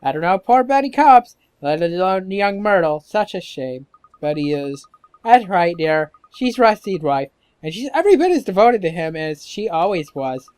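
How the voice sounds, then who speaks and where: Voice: medium pitch, very animated, normal speed, a little mellow, clear, resonant tone, no room sound, lightly acted. A gamer voicing a fussy, gossiping old woman neighbor while reading game dialogue aloud. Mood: gossipy. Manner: gushing, gossipy. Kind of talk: let's-play dialogue read aloud.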